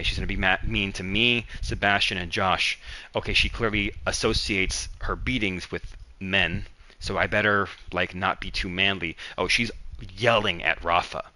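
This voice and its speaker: A man's voice: deep voice, pushed and bright, rough recording. A young man hosting a livestream, telling long, gossipy stories about his coworkers and acting out what they said. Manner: rambling, gossipy, quick to act out coworkers. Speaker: livestream host. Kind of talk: casual storytelling chat.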